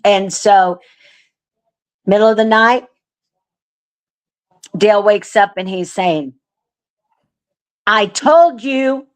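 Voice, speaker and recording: A woman guest telling a story in casual chat, earnest and animated, with lots of fillers. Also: mid-range voice, slow pace, long pauses, smooth. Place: remote call.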